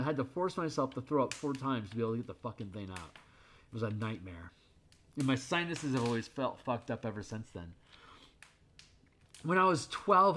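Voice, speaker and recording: A man's voice: medium pitch, fairly bright tone, slight background noise. A man casually chatting on a stream while he draws, rambling and candid, swearing freely. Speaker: streamer drawing art.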